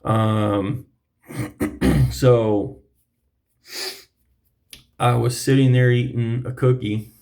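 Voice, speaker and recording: A preacher telling his personal testimony in an earnest, reflective way, often pausing to clear his throat. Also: mid-range voice, steady tone, darkish tone.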